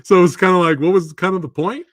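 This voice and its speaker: A man hosting a live movie review, talking in a casual, animated way and slipping into exaggerated quoted voices. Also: high voice, quick pace, no echo. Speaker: host of a movie review show.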